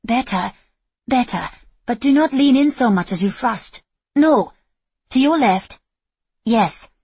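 A woman voicing a composed female sword mentor who speaks in a measured, instructive way. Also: medium pitch, darkish tone, breathy edge, no echo. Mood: coaching.

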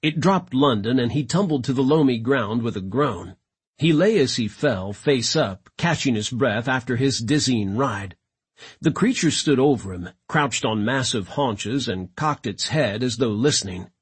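A man narrating a science fiction audiobook in a dramatic, expressive reading style. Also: medium pitch, a little slow, breathy edge.

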